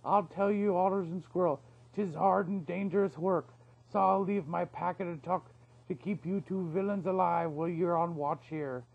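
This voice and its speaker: A man voicing a gruff male otter sea captain who talks like an old sailor and barks orders, for a read-aloud storybook. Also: high voice, steady tone, moderate pace, narrow, tinny audio. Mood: rousing. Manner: salty sailor talk, commanding.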